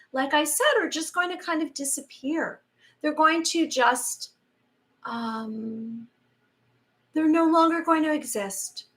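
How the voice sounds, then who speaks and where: A woman in her forties hosting a spiritual talk, speaking in a casual, rambling way, with restarts and quoted asides. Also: high-pitched. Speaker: spiritual channel host. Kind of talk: casual monologue.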